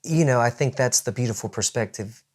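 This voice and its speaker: A man's voice: mid-range voice, fairly quick, darkish tone. A man co-hosting a dinner conversation, thinking aloud in an earnest, thoughtful way. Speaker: co-host.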